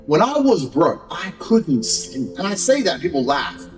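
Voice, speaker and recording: Guy in his 30s, swearing and lecturing, pitch jumping all over, quiet music behind. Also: sing-song, unhurried. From England. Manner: blunt, profane, lecturing; mocks others by acting out their excuses. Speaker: motivational speaker. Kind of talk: motivational speech. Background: faint background music.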